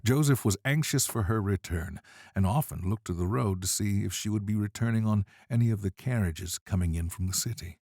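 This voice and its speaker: Very deep-voiced male storyteller. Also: a little mellow, no room sound. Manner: measured, dramatic. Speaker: narrator. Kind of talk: scripted storybook narration.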